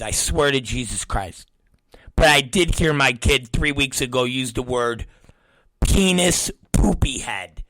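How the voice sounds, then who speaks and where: A man's voice: fairly high pitch, no room sound. A middle-aged man hosting his show, telling a profane story and acting out the voices of the people in it. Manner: animated, acts out quoted voices, swears constantly. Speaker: show host.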